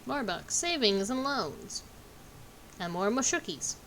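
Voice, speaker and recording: A woman's voice: fairly high pitch, very animated, takes it slowly, a bit bright, a little hiss or hum. A young woman streaming a game, humming tunelessly as she plays and making dry, sarcastic remarks. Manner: hums along while playing, dry and sarcastic. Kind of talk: casual gameplay chat.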